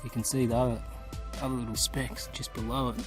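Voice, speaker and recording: A relaxed Australian man talks casually to the camera outdoors, his voice sitting at an ordinary middle pitch. He sounds hot and worn out but stays chatty and keen, with faint music playing underneath. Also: fairly quick. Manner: relaxed, enthusiastic, chatty, tells jokes. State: hot and tired. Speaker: gold prospecting vlogger. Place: outdoors in the bush goldfields.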